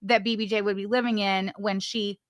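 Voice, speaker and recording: A woman's voice: medium pitch, little pitch movement, moderate pace, no echo, clean studio sound. A woman hosting a casual live stream, chatting, reading messages aloud with mock drama and swearing freely.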